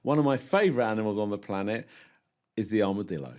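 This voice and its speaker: A man's voice: on the low side, animated, fast talker, darkish tone. A man co-hosting a gardening podcast, chatting casually and teasing his co-host with jokes. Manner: jokey, teasing, laughs often.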